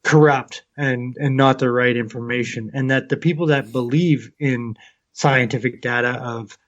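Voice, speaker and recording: A man's voice: medium pitch, moderate pace. A Canadian man co-hosting a podcast, ranting in casual, profanity-heavy chat. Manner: animated, swears constantly. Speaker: podcast co-host. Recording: slightly muffled lo-fi audio.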